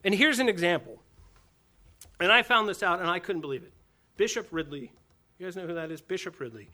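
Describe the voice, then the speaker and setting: A high-pitched man gives a lively lecture on church history, animated and quick to laugh as he acts out quotations.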